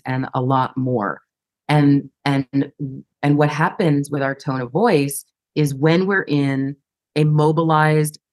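A woman's voice: sits low, dry recording. A woman guest on a podcast interview, explaining her teaching in an earnest, reflective way. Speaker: guest, sales educator.

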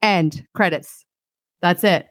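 A woman's voice: fairly low pitch, slow pace, no room sound, studio quality. A woman co-hosting a podcast, sardonically retelling a film in casual chat, saying "like" often and acting out the lines she quotes. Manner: sardonic, animated storytelling with acted-out quotes; says "like" very often. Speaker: podcast co-host.

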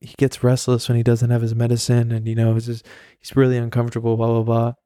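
A man's voice: medium pitch, monotone, fast, warm tone, no echo, clean studio sound, lightly acted. A man imitating his mother as she fusses and makes excuses to take her son home. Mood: fussing. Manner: fussy, covering with excuses. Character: his own mother, caring and theatrical.

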